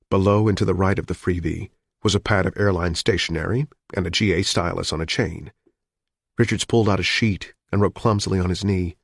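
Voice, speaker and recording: Deep-voiced male audiobook narrator. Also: slightly rough, no echo, studio quality. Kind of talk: scripted narration.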